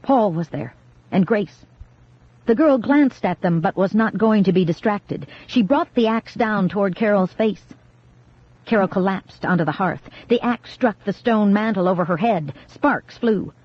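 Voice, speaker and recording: A woman narrating an audiobook in a measured, dramatic reading style, recorded in a studio. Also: mid-range voice, lively intonation, no echo. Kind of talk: scripted narration. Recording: dull, dry 1980s cassette studio reading.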